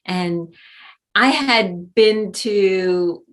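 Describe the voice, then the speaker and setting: A woman's voice: medium pitch, drawn-out words. A woman guest on a podcast, telling personal stories with many fillers and bursts of laughter. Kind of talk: storytelling in interview.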